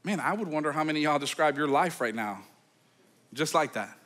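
A man, a pastor, preaching a sermon in a conversational, animated storytelling way, full of casual fillers. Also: fairly high pitch, a little fast. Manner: animated storytelling, acting out quoted voices; conversational, with many fillers like "like" and "okay".

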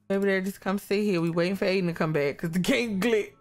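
A fast-talking woman with a mid-range voice barely pauses as she casually narrates her life-simulation game for her YouTube gaming channel, faint music in the background. She gets animated, talking to the characters and exclaiming over their behavior.

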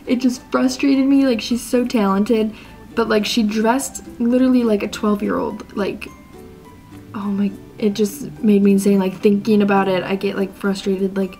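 A young woman talking straight to camera in a casual rant, exasperated and chatty, leaning on "like" between thoughts. Her pitch sits in a middling range. Soft music plays faintly underneath. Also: fairly even intonation, moderate pace. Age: young adult. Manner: exasperated, chatty, heavy use of "like", mock-quotes people. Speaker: vlogger. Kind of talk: casual ranting vlog.

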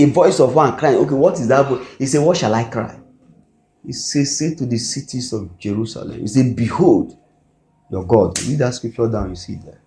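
A man with a Nigerian English accent preaching a sermon, often pausing to ask the congregation "what?" so they fill in the word. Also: medium pitch, animated, mellow. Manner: call-and-response, asks the congregation "what?" to fill in words. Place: church hall. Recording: echoey hall recording.

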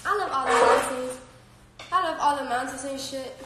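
Brash high-voiced woman in an echoey room. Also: normal speed, very noisy. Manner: brash, profane and laughing. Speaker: live-stream host. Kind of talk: casual live-stream chat. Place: home with her dogs. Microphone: phone.

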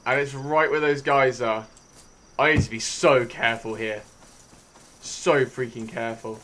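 A young British man giving sweary, jumpy commentary over his own gameplay, hushed one moment and yelling the next. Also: medium pitch, fairly even intonation, measured pace. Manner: jumpy, swears a lot, shifts from hushed to shouting. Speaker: gaming YouTuber.

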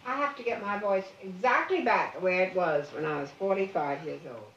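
A woman's voice: lowish voice, a little fast, fairly bright tone, a little hiss or hum. An older woman, once a singer, talking insistently and proudly with her daughter in a candid documentary. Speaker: mother, former singer. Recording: dull lo-fi 1970s film sound.

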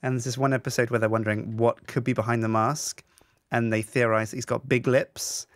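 Fast-talking joking man gaming. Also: medium pitch, flat delivery, no room sound, clean studio sound. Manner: quick, chatty and joking. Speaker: game player and co-host. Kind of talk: casual gameplay chat.

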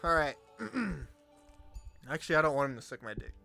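A young man giving loud, cursing let's-play commentary, yelling at monsters as his voice grows hoarse. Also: on the high side, animated, brisk, soft background music. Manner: loud, swearing, talks to the monsters. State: voice getting hoarse. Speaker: gamer.

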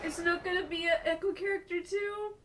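A young woman streaming a live reaction from home, gushing and tearful with excitement. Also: very high voice, a little fast, recorded from a distance, slight background noise.

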